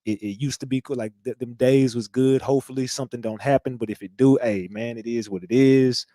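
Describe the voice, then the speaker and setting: A man's voice: mid-range voice, fairly even intonation, a little fast, mellow, dry recording, clean studio sound. A man hosting a live commentary show, talking in a rambling, profane way and repeating himself. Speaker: host.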